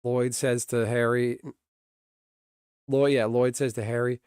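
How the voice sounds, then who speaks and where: A man's voice: mid-range voice, flat delivery, unhurried, darkish tone, clean tone, no room sound, clean studio sound. A man streaming and chatting casually with viewers in a rambling way, often laughing. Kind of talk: casual livestream chat.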